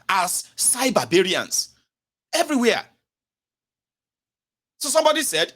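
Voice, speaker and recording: A young Nigerian man with a Pidgin-inflected accent giving a mocking, animated satirical political monologue, swinging from loud rants to low mutters. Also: unhurried, pauses often. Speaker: political commentator.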